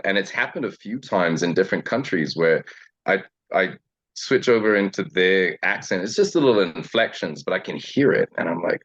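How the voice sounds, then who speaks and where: A young South African actor chatting casually in an interview, relaxed and quick to laugh, with filler words. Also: male voice, low voice, husky. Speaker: actor guest. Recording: dull lo-fi sound.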